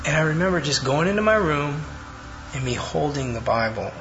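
A man's voice: a little high, lively intonation, a little fast, vocal fry, a little hiss or hum. A man giving an earnest personal faith testimony and acting out his own past words as he tells it. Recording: lo-fi with soft background music.

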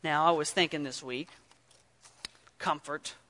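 A man preaching an earnest sermon, telling stories and swinging from loud emphasis to near-whisper. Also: fairly high pitch, fairly even intonation, unhurried, in a large hall. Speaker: pastor.

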